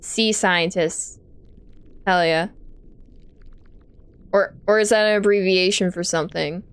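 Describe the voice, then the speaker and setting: Slow, goofy young woman streamer. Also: lowish voice, fairly even intonation, smooth. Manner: goofy, self-amused asides. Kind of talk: let's-play commentary.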